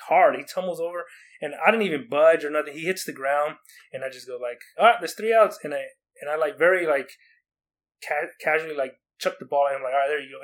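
A young man from Oregon tells a rambling story in casual chat, his words tumbling out quickly in a slightly high voice. He restarts often and acts out what people said. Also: a bit bright. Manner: rambling, many likes and restarts, acts out quotes.

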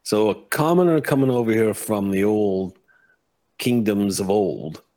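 A man's voice: fairly low pitch, measured pace, mellow, natural voice. A man voicing a crude, nosy male Redcap fae who swears freely and pries bluntly, in a tabletop role-play. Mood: sardonic.

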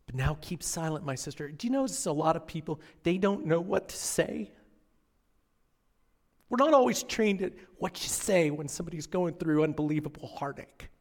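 A male pastor delivers a sermon with a somewhat high voice. He tells the story dramatically, dropping to near-whispers and then building to impassioned, raised passages. The long reverb of a large church hall hangs on every phrase. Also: moderate pace. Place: church auditorium.

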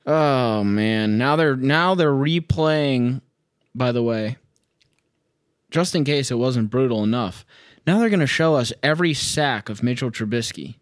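A young man hosts a solo sports podcast from home, watching a game and ranting with sarcasm, swearing and exasperation. His mid-range voice is clear and resonant, delivered at a measured pace. The studio sound is clean, with no room sound.

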